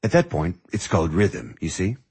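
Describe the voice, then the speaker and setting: A man voicing a patient, teasing music teacher in measured audiobook dialogue. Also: deep voice, wildly swooping pitch, creaky, a little mellow, husky, full character voice. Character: calm, wry male music teacher. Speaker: music mentor.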